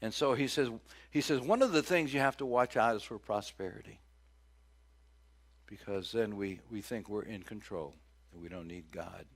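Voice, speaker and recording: A middle-aged pastor preaches a sermon in a folksy, joking way, with big, loud swings whenever he acts out cries. His pitch is fairly low and his pace moderate.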